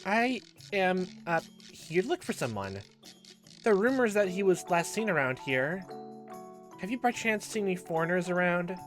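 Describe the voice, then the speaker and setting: A gamer voicing an earnest, flustered young woman traveler in a raised, lively voice while reading a visual novel aloud, with faint game music behind. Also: mid-range voice, moderate pace, natural voice. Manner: bright, eager and easily flustered.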